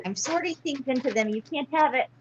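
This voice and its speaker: A woman's voice: high voice, highs cut off, slight background noise. A woman chatting casually as a live-stream guest, rambling a little as she tells things.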